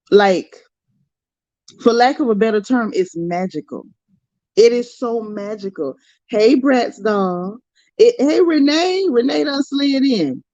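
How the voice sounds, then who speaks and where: A woman's voice: medium pitch, mellow, no room sound, highs cut off. Effusive woman chatting with her livestream viewers. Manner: emotional, effusive, talks to chat viewers by name. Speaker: livestream host. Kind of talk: casual livestream chat.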